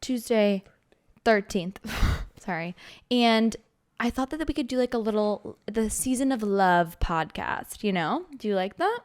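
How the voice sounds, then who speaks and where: A woman in her twenties hosting a casual podcast chat, playful and giggly, talking in quick bursts. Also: mid-range voice, expressive. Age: 20s. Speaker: podcast host.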